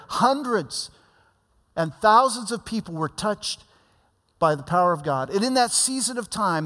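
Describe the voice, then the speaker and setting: A man's voice: sits high, a bit bright. A man preaching a sermon, telling stories and acting out the people in them, his voice rising and dropping for emphasis. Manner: storytelling preacher, voice swells and drops for emphasis. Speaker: pastor. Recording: long hall reverb.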